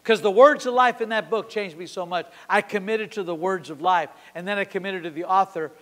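A man in his sixties preaching a sermon at a church service. He tells a story with passion, swinging from sudden loud peaks to quiet drops. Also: sits high, brisk. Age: 60s. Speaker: pastor. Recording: long hall reverb.

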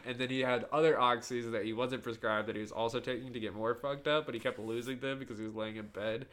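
A man's voice: mid-range voice, fairly even intonation, quick pace, fairly bright tone. A young man co-hosting a casual podcast chat, telling rambling, profane stories and laughing often. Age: young adult. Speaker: podcast co-host.

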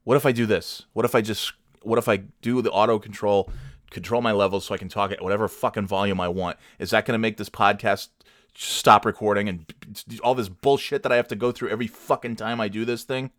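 A man with a lowish voice rants and curses through a podcast outtake, swinging between mutters and shouts. The sound is close and dry, with no room around it. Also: steady tone, a little fast, no echo. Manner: furious, profane ranting and shouting. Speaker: podcast host.

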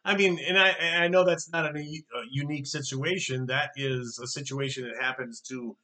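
A man's voice: medium pitch, fairly even intonation, normal speed, bright, forceful tone. A middle-aged man co-hosting a casual political chat show, with sarcastic, mocking asides. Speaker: co-host.

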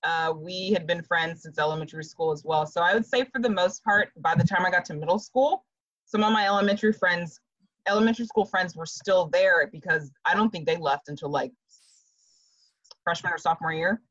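A woman's voice: lowish voice, a little fast, no echo, dull audio. A woman in her thirties chatting as a guest, telling stories with frequent laughter. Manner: laughs often, animated storytelling. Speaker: podcast guest. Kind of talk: casual chat.

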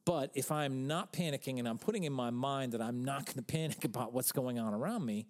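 A man's voice: medium pitch, fairly quick, a little mellow. A man, the pastor co-hosting a church podcast, chatting casually in a joking, rambling way and repeating himself as he goes.

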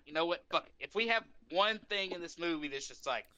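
Bright, animated man, blunt and casual. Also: fairly high pitch, fairly quick, smooth, dry recording, muffled recording. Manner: animated, blunt, swears freely. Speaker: podcast co-host. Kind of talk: casual chat.

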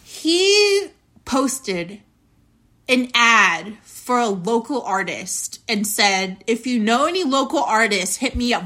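A woman's voice: a little high, very animated, takes it slowly, bright, forceful tone. A young woman hosting a podcast, telling a personal story in a blunt, indignant monologue with plenty of swearing. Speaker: podcast host.

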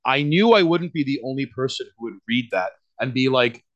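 A man's voice: medium pitch, animated, fairly quick, dull audio. A man with a New York accent, a guest on a podcast, talking casually in a rambling way. He leans on fillers, restarts and lots of swearing.

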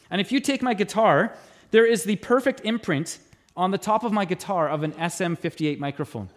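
A middle-aged man preaching a sermon as pastor, telling stories with animated delivery and acting out voices. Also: a little high. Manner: animated storytelling, mimics voices in anecdotes. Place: church auditorium.

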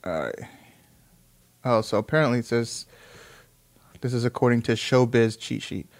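A man's voice: medium pitch, fairly even intonation, moderate pace. A man in his thirties chatting casually and rambling, swearing often and breaking into laughter.

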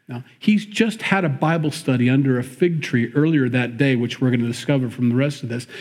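Male pastor, slightly high husky voice, conversational preaching with dry humor. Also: darkish tone. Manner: wry, joking asides, acts out Bible quotes in raised voice. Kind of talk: sermon.

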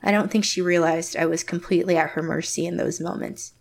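An actress playing a closed-off, reserved young woman, narrating her story in first person in a quiet, measured way. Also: fairly low pitch, fairly even intonation, creaky. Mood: guarded. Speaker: narrator and lead character.

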